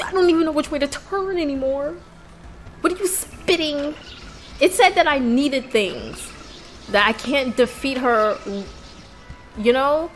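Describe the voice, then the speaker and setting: Excitable woman yelling over a game. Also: high-pitched, measured pace, pauses often, soft background music. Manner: excitable, loud outbursts, swearing. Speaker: gaming channel host. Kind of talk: let's play commentary.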